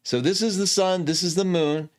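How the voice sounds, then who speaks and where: A man hosting an astrology show, explaining a chart in a chatty, animated way that keeps correcting itself, with easy laughs. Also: sits high, normal speed. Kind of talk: casual teaching talk.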